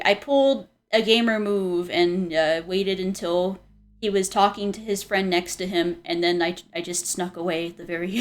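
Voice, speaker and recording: A young woman streamer chatting casually, rambling with many restarts and frequent giggles. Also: mid-range voice. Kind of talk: casual chat.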